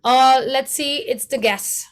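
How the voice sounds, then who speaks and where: A woman's voice: sits high, takes it slowly. A woman with a German accent teaching a voice workshop, searching for English words and demonstrating vocal exercises. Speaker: voice coach.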